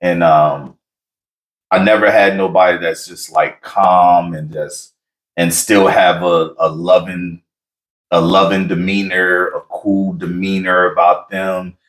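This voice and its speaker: A high-energy man, telling stories animatedly in a casual conversation about his marriage, with loud bursts. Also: little pitch movement, takes it slowly, low-quality recording. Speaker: married guest on relationship talk.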